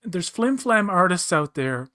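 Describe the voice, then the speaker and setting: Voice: mid-range voice, very animated, a little slow, bright, forceful tone, no room sound. A podcast co-host in casual chat, ranting with frustration and frequent swearing.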